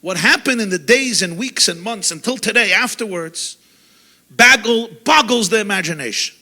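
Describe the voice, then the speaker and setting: At a lecture gathering, a male rabbi delivers a fervent sermon in a bright, high voice at normal speed. His expressive delivery veers from loud, urgent outbursts to quiet, hushed stretches.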